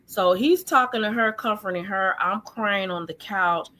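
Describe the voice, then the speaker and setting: A woman guest recounting her childhood in an earnest, halting way, full of fillers, over a video call. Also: mid-range voice, pushed and bright. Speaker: guest sharing her life story. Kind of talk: personal testimony in an interview.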